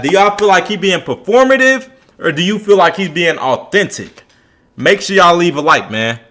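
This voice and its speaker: A man's voice: on the high side, animated, pushed and bright. A young man streaming and chatting casually, reacting to a video with slangy, repetitive talk. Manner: slangy, repetitive, drawn-out filler.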